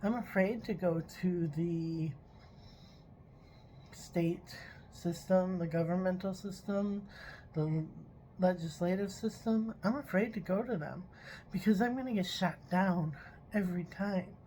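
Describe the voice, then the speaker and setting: A woman speaks slowly in a low, mellow voice, earnest and frustrated as she vents in a personal vlog. She stops now and then to apologize, then moves on to a tarot reading. Faint noise sits under the recording. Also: poor audio. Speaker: vlogger doing tarot readings. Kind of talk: emotional personal vlog monologue.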